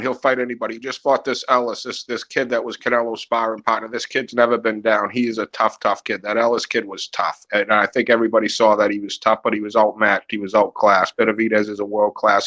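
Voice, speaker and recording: A man in casual chat on a podcast, rambling and swearing freely as he talks. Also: on the low side. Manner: rambling, profane, animated. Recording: muffled lo-fi audio.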